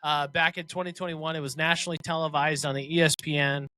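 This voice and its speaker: Bright-voiced male podcast co-host. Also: a little high, little pitch movement, fast, dry recording. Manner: laughs often, reads a synopsis aloud. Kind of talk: casual chat.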